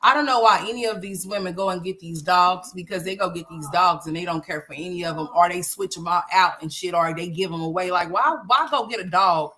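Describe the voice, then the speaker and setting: A woman's voice: on the low side, fairly quick, hardly any pauses, bright, forceful tone. A middle-aged woman giving blunt, emphatic, opinionated commentary from home. She often repeats herself and swears freely. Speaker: livestream commentary host.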